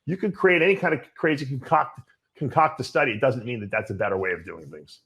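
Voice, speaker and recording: Casting: older male host, blunt and animated, mid pitch, casual Q&A answers. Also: quick pace. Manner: blunt, animated storytelling with swearing. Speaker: bodybuilding show host.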